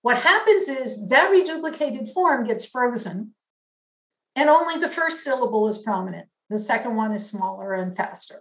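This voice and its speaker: Woman lecturer, slightly high voice, unhurried academic delivery, roomy reverb. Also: animated, fairly bright tone. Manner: measured, explanatory, demonstrating signs. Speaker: linguistics lecturer.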